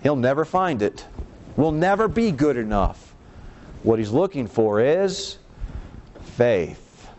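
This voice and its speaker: A man preaches a sermon emphatically, swinging between quiet low passages and raised lines while posing rhetorical questions to the congregation. He speaks slowly with big pitch swings and frequent pauses, and the sound is lo-fi.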